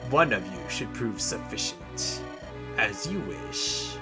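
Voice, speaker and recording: A man reading a gloating sorcerer villain in a slow, lowered voice, with game music underneath. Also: sing-song. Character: menacing sorcerer villain, male, adult, cold.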